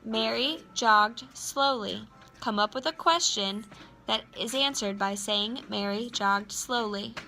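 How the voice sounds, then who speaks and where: Bright-voiced woman teacher dictating slowly. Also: fairly high pitch, faint music behind. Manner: slow, clear dictation with repeated sentences. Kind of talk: recorded class lesson.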